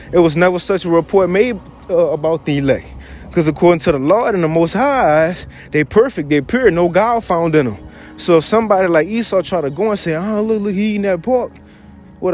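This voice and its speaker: A man teaching from scripture in a casual, slangy, animated way, reading verses and riffing on them. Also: high-pitched, brisk, faint music behind. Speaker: Bible teacher.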